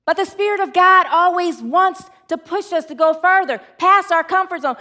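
A woman preacher delivers a humorous sermon in a high, lively voice. She talks with the congregation in a loose, chatty way. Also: normal speed, few pauses. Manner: lively, chatty with the audience, laughs easily.

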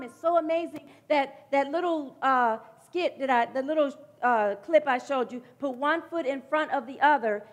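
A woman with a high, light voice delivers a heartfelt sermon. She is middle-aged and speaks earnestly and reflectively, sometimes pausing and restarting, her voice near tears. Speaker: preacher.

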